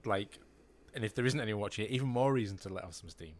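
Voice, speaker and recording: A man with a very deep voice, chatting on a podcast. He rambles in a relaxed way, restarts often and swears casually. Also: quick pace. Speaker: podcast co-host. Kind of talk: casual chat.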